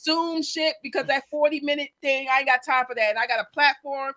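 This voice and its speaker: A woman's voice: high voice, fairly even intonation, a little fast, bright, forceful tone. A woman with a Philadelphia accent hosting a casual livestream, brash and joking. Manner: brash, joking, swears freely. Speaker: host.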